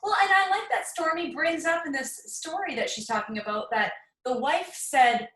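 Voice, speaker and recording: Woman co-host, high voice, enthusiastic, distant echoey sound. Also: animated, normal speed, fairly bright tone. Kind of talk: casual chat. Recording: echoey room from afar.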